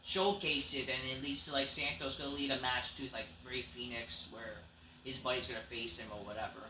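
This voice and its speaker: A man's voice: mid-range voice, flat delivery, a little fast, sharp tone. A man reviewing a wrestling show in a rambling, sarcastic, profane casual recap. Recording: echoey room, faint noise.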